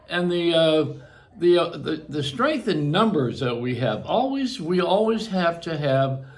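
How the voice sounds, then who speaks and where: An older man hosting a show, rambling through a casual monologue, joking and laughing at himself. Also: a little high. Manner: chatty, self-mocking, laughs at his own jokes. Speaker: radio and broadcast host.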